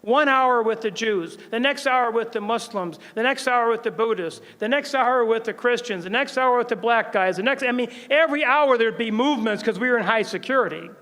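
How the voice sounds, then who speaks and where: An older man giving a lively storytelling testimony at a prayer breakfast, acting out the voices of the people in his stories. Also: extremely high pitch, a little fast, hardly any pauses. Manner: lively storyteller, acts out quoted voices and laughs often. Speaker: guest speaker at a prayer breakfast. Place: large event hall. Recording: long hall reverb.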